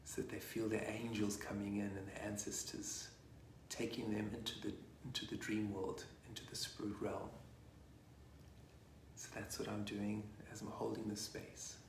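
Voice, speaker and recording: A man and sangoma leading a guided meditation, talking softly and gently between chants. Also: fairly low pitch, completely flat delivery, vocal fry, echoey room, slight background noise. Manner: soft, gentle, slow spoken guidance.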